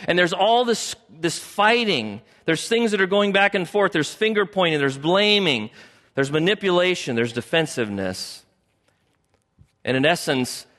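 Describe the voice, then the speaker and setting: A man's voice: a little high, a bit bright, big-room sound. A man preaching a sermon as pastor, emphatic and repeating key phrases for stress.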